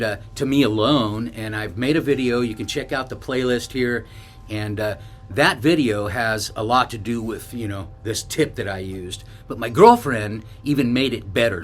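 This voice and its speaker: A man's voice: medium pitch, normal speed. A man from northern California, a bikepacking vlogger, telling a story to camera in a loose, rambling way with restarts and asides.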